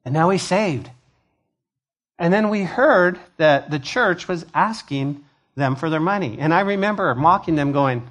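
Pastor, male, conversational sermon style, animated, acts out voices, voice a touch high. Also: a little slow. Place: church sanctuary.

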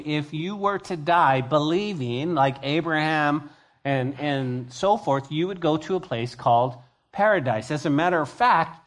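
A male pastor teaching a sermon verse by verse, conversational and expressive, moving from hushed to emphatic. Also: on the high side.

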